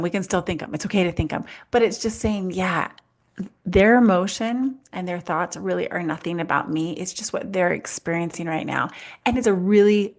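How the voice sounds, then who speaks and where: A woman life coach co-hosting a podcast, giving earnest, reassuring advice in a calm, conversational way. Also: on the low side. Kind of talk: casual podcast chat.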